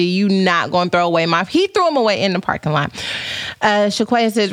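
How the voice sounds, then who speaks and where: A woman podcast host tells a story with big, playful drama, swinging into excited highs as she reads comments from viewers. Her voice sits at a middle pitch and is recorded close and dry, with no room sound around it. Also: dry recording. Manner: animated, playful, dramatic retelling. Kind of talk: casual storytelling chat.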